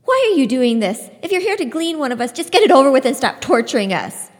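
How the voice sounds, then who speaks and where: A woman reading aloud and voicing a defiant, furious teenage girl who shouts high and fast. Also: big pitch swings. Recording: long hall reverb.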